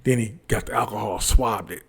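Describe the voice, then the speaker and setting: Animated, profane man telling a story. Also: fairly low pitch, a little fast, gravelly, breathy edge. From Detroit. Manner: animated, profane, repeats phrases for punch. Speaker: comedian. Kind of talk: casual storytelling monologue.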